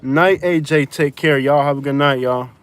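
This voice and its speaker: A man's voice: on the high side, moderate pace, slight background noise. Chatty man livestreaming from a car. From Florida. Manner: rambling, chatty, frequent fillers. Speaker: live streamer. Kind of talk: casual chat while driving.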